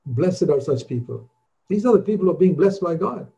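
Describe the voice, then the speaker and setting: An older man preaching a sermon in an earnest, conversational way, rising in pitch on the points he stresses. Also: animated, brisk, creaky, warm tone, rough recording. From India.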